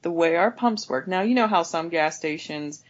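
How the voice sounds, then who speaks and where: A woman's voice: lively intonation, moderate pace, lo-fi sound. A woman, an overnight gas station clerk, telling a rambling, exasperated story about a customer as a podcast guest. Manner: exasperated, rambling with many restarts; raises pitch sharply when mimicking customers. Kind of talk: casual storytelling rant.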